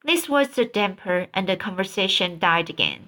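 A woman narrating an audiobook story, reading haltingly and repeating words. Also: medium pitch, expressive, pushed and bright.

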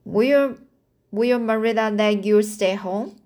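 A woman's voice: mid-range voice, a little mellow, close to an everyday voice. A woman reading as a pleading young girl. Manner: stumbling, halting reading. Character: pleading young girl, loyal best friend.

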